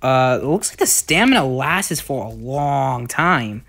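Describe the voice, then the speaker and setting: A young man casually commenting on his gameplay, wandering from thought to thought with plenty of fillers. His voice sits at an ordinary middle pitch, and he jumps into excited outbursts when something in the game surprises him. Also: a little slow, gravelly. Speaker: gaming YouTuber.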